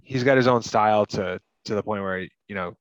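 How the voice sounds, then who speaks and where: A man's voice: on the low side, normal speed, no room sound, low-quality recording. A man from Massachusetts co-hosting a casual movie podcast, rambling with lots of "like" and "you know". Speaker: podcast co-host.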